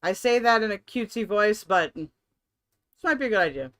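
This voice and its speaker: A woman's voice: mid-range voice, lively intonation, fairly quick, a bit bright. A woman streamer reacting on a live stream, blunt, profane and sarcastic.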